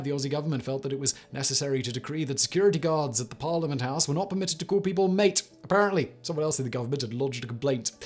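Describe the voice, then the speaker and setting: Male narrator, mid pitch, scripted list-video read, dry wry asides, faint music behind.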